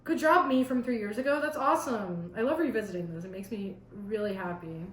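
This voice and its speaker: A woman's voice: fairly high pitch, expressive, normal speed, hardly any pauses, a bit bright. A teenage girl reading her old fan story aloud, breaking off for sarcastic, chatty asides. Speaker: vlogger. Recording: roomy echo.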